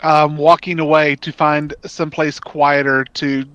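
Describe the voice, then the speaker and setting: Brief: male tabletop player, fairly high and bright, low-key, dry close mic. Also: level tone, measured pace, clean tone, lo-fi sound. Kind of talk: tabletop game play.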